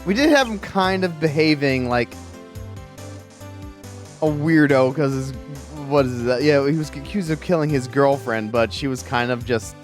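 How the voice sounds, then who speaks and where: A woman streamer giving casual, rambling let's-play commentary, musing aloud in a low-key way. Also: normal speed, faint music behind.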